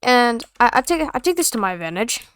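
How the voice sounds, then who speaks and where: A woman's voice: fairly high pitch, big pitch swings, brisk, a bit bright, clear, resonant tone. A young woman telling a story in a casual, rambling, slangy and sarcastic way. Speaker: vlogger.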